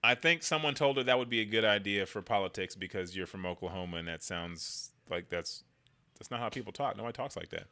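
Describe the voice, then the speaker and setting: A man's voice: fairly low pitch, a little fast, pushed and bright. A man giving casual political commentary in a slangy, conversational way, riffing loosely as he goes.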